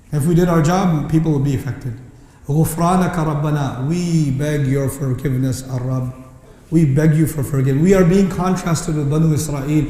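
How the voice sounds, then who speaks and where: A man's voice: a little high, dark tone. A man preaching a passionate sermon, building to indignant questions and quoting Arabic verses. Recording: echoey hall with long reverb.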